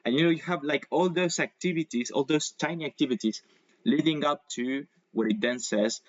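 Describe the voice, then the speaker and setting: A man whose first language is Spanish teaches English over a video call. He explains patiently with examples and drawn-out pronunciation. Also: on the high side, no room sound, muffled recording. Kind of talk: online English lesson.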